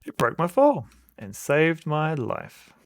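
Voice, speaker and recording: A man voicing a brave male rescuer who calls out loudly and urgently. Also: on the high side, wildly swooping pitch, takes it slowly, no echo, clean studio sound, voice pushed up, full character voice.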